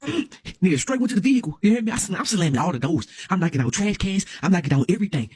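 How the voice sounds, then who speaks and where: A young man rattles through a comic story time at speed, his pitch leaping up and down as he acts out every beat. His voice is high and a little husky, and he keeps checking in with "you hear me?". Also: fast talker, dry recording, clean studio sound. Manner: excitable, dramatic, repeats "you hear me", slangy. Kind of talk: animated comedic story time.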